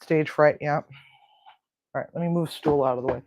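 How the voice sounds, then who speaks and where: A woman's voice: low-pitched, brisk, a little mellow. Chatty woman cooing at her pets. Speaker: home cooking show host. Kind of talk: casual cooking and pet chat.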